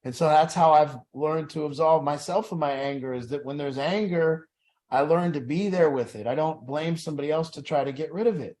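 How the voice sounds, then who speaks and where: A man's voice: on the high side, a little fast, a little mellow. A man leading an addiction support group, talking in an earnest, plain-spoken way that repeats phrases for emphasis.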